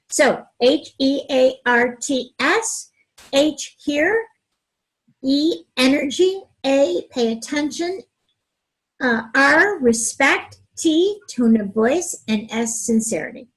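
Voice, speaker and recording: A woman co-hosting a relationship advice talk, speaking in a calm, gentle way. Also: fairly high pitch, slightly rough, rough recording. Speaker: relationship coach, co-host.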